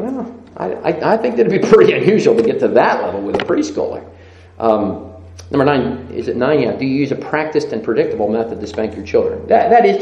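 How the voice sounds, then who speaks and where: A man's voice: on the high side, warm tone. A middle-aged man preaching a sermon, emphatic, repeating phrases and laughing often. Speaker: pastor. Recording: echoey room.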